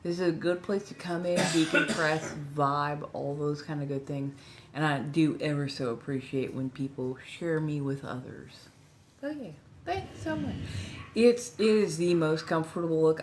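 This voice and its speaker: Chatting and rambling on a casual livestream, a slightly tipsy woman in her forties sits at a friend's house. She's from Southern California, has a Californian accent and a low voice, and the recording carries a little hiss or hum.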